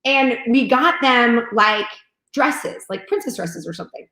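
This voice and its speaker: Animated chatty woman, echoey room. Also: fairly high pitch, measured pace. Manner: animated, acts out movie scenes in voices. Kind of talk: casual chat.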